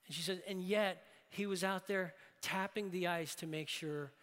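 A man preaching a sermon as a pastor, telling a story and rising into loud, impassioned calls to his listeners. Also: high-pitched, steady tone, moderate pace. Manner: builds to loud impassioned exhortation. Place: church sanctuary. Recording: long reverb of a large hall.

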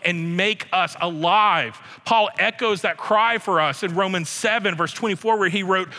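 Male pastor, bright forceful delivery, slightly high voice, emphatic and repetitive, long hall reverb. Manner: emphatic, slows and repeats key phrases. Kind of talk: sermon.

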